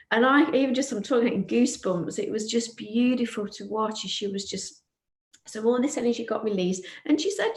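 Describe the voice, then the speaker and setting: A woman with a voice on the higher side tells a story of a healing session in a casual, heartfelt way. She often quotes the other person gently. The room around her sounds roomy and echoey. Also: brisk. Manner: warm, earnest retelling of a client session, quoting her softly. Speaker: podcast co-host.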